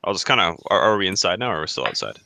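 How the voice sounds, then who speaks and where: A man's voice: sits low, big pitch swings, very fast, creaky, noisy background. A man taking part as a player in a tabletop role-playing game, talking in a casual, friendly, slightly hesitant way. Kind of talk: tabletop role-play chat.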